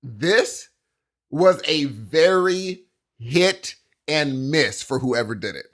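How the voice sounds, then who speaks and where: A man's voice: a little high, expressive, slow, fairly bright tone. A man co-hosting a podcast in casual chat, talking with enthusiasm and calling his partner dude. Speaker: podcast co-host.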